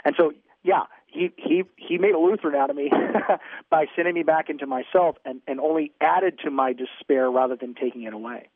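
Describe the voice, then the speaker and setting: Male phone guest, earnest, rambling, slightly high voice over a tinny line, dry sound. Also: fairly quick, dry recording. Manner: rambling, repeats words, earnest. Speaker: caller guest. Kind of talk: call-in radio conversation.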